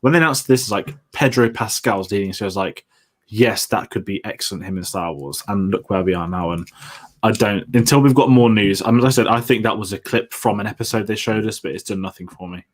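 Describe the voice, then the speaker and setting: A man's voice: fairly low pitch, a little fast. A man co-hosting a film discussion show, talking in a chatty, rambling way with lots of fillers. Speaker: podcast co-host.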